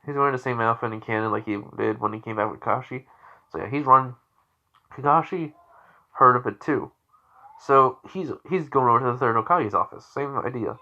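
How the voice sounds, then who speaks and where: A man's voice: mid-range voice, fairly quick, pushed and bright, dull audio. A tired young man tells a fan-made story on the fly, rambling and restarting as he goes. He sighs often between thoughts. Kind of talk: improvised fan-fiction narration.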